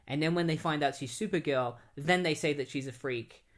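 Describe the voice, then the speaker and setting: A man's voice: a little high, a little fast. A young man casually recapping and reviewing a comic book in a rambling, conversational way.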